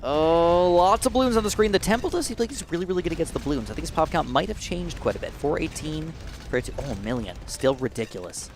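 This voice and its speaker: A man hosting live gameplay commentary, excitable and talking straight to his viewers, swinging from low muttering to shrieks of alarm. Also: fast, slight background noise. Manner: addresses viewers directly. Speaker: gaming channel host.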